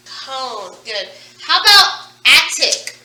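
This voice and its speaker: High, bright teacher in an echoey room. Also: female voice, expressive, recorded from a distance, background noise. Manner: slow, drawn-out teacherly prompting. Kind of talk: recorded phonics lesson.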